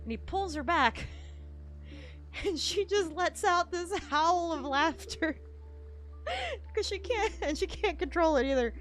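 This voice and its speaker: A woman's voice: very high-pitched, very animated, takes it slowly, long pauses, a bit bright, faint music behind. A woman streaming a game, telling a family story in a casual, rambling way and laughing often.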